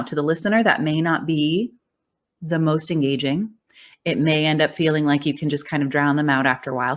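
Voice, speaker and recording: Encouraging woman voice coach explaining. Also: deep voice. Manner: warm encouraging explainer, laughs often. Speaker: voice coach and speech-language pathologist. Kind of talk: conversational interview.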